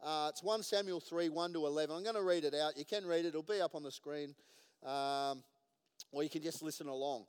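A man's voice: a little high, brisk, smooth. A man preaching a sermon as pastor, joking and laughing at his own jokes. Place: church hall. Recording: long hall reverb.

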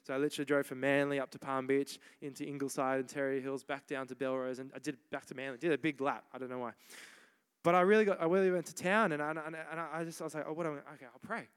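A young Australian man preaching a sermon as pastor, energetic and repetitive, urging the crowd on with "come on". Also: mid-range voice, fast, clean tone. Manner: energetic, repeats himself, exhorting "come on". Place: large church hall. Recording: long hall reverb.

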